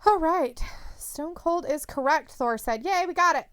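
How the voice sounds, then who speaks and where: A woman's voice: high voice, measured pace, fairly bright tone, dry recording. A woman co-hosting a live stream in casual chat, laughing often as she reads viewer comments aloud.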